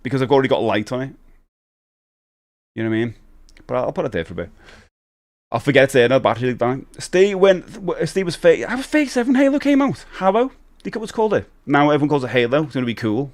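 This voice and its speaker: A man's voice: medium pitch, big pitch swings, quick pace, darkish tone. A man streaming retro games live, chatting with viewers in a rambling, self-interrupting way.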